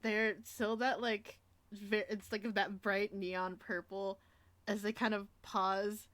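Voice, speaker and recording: A woman casually narrating her character in a role-play, quick and giggly with many fillers. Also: mid-range voice, flat delivery, a bit bright, no room sound. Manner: fast, giggly, lots of "like" fillers. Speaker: tabletop role-play player.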